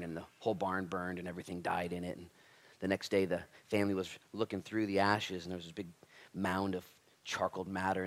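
A man preaching a sermon as pastor, impassioned and casual, swinging from loud emphatic lines to hushed near-whispers. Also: sits low. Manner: casual slangy address, says "dude" and "man".

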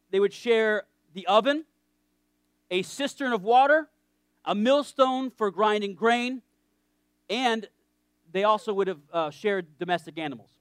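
A man's voice: high voice, smooth, no room sound, studio quality. A man preaching a sermon in a conversational, joking way, often checking in with his listeners.

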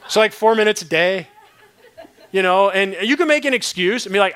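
A man's voice: fairly high pitch, fast, fairly bright tone, clear, resonant tone. A male pastor preaching a sermon in short, punchy, repeated phrases with playful asides.

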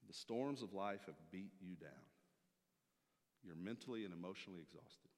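A man preaching a sermon from a church stage, emphatic, swinging from loud to hushed. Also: low-pitched, moderate pace. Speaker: pastor. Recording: long hall reverb.

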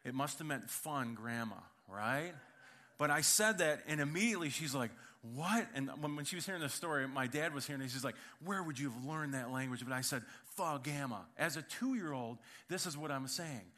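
A man's voice: fairly high pitch, fairly quick, bright, forceful tone. A man preaching a sermon in church, opening with prayer and then telling a humorous personal story in a conversational way, speaking directly to the congregation. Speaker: pastor.

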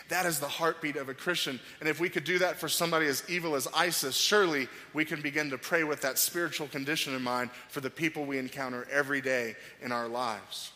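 A man's voice: fairly high pitch, a little fast, hardly any pauses. A middle-aged man preaching a sermon as pastor, telling stories and acting out quoted voices. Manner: animated storytelling, acts out quoted voices. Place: church sanctuary. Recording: long hall reverb with faint music.

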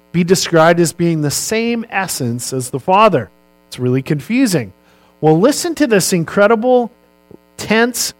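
A man's voice: a little high, no echo, low-quality recording. A male pastor giving a sermon in a conversational way, posing rhetorical questions and answering them himself.

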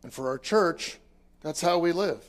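A man preaching as a pastor, earnest and conversational, moving between loud emphatic lines and quiet, soft asides. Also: a little high, expressive, a little slow. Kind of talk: sermon.

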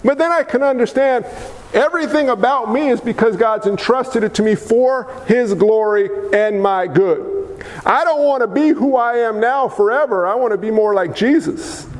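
A man preaching a sermon as pastor, emphatic and folksy, with sudden swings in pitch. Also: normal speed. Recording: long hall reverb.

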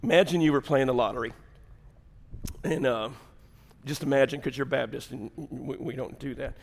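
A man preaching a sermon as pastor, swinging from loud shouts down to hushed near-whispers and laughing at his own jokes. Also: medium pitch, steady tone, moderate pace, gravelly. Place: church sanctuary. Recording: long hall reverb.

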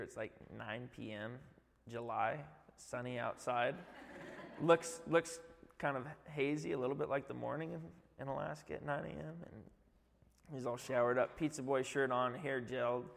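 A man's voice: medium pitch, vocal fry, long reverb tail. A man, a youth director, giving a heartfelt church testimony, rambling with many fillers.

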